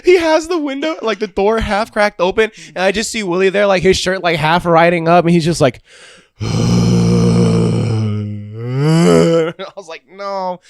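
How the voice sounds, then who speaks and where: A young man hosting a podcast, telling a rowdy story in a profane, animated way and laughing as he goes. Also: sits high, normal speed, no echo, studio quality. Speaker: podcast host. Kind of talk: casual storytelling chat.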